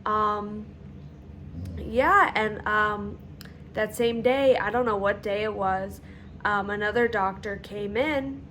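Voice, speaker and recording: A woman telling her own story in a vlog, candid and halting, with frequent fillers and pauses as she recalls events. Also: medium pitch, sharp tone, slight background noise.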